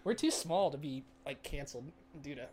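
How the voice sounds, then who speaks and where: Podcast co-host, male, higher-pitched, animated casual storyteller. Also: fairly quick, husky. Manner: animated storyteller, lots of likes and restarts. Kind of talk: casual movie discussion.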